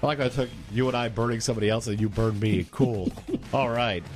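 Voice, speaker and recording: A man's voice: medium pitch, quick pace, soft background music. A man hosting a radio morning show, wisecracking playfully while running through the day's items. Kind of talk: casual chat and news rundown. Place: radio studio.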